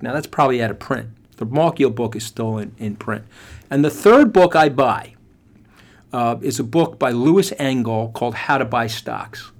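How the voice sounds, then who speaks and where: A middle-aged man hosting a podcast, telling a motivational story in an animated, emphatic way and speaking straight to listeners. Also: mid-range voice. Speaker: podcast host.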